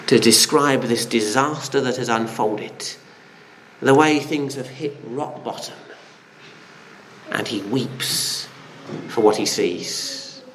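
Male preacher, earnest sermon delivery, slightly high voice, faint room ambience. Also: fairly bright tone, a little hiss or hum. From Britain. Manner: earnest, rhetorical questions, frequent restarts.

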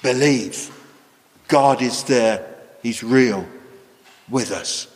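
A man preaching a children's sermon, animated and exclaiming, asking the children questions. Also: medium pitch, extremely slow. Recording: echoey hall.

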